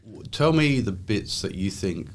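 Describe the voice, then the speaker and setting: A man from England with an English accent hosts a relaxed interview, speaking gently and coaxingly. He often ends his questions with friendly tag questions. A faint hiss sits under his voice. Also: on the low side, measured pace. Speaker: podcast host interviewing his daughter.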